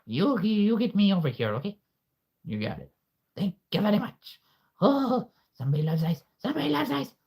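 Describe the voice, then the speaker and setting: A man voicing a cheerful, affectionate ice spider in a high, sing-song voice during a livestream. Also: very animated, moderate pace, vocal fry, darkish tone, husky, exaggerated voice. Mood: gushing. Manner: squeaky, sing-song, gushing. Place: home livestream.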